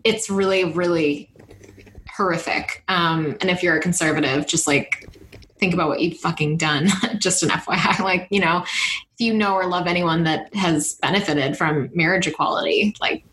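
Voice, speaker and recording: Indignant, halting woman co-host. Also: lowish voice, a bit bright, a little hiss or hum, rough recording. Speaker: podcast co-host. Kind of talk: casual political commentary.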